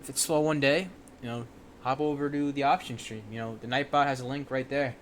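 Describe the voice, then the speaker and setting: A man's voice: medium pitch, a little fast. A young man hosting a day-trading livestream, chatting loosely and leaning on "you know" fillers. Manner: relaxed, filler-heavy, lots of "you know". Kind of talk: casual chat. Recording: faint background noise.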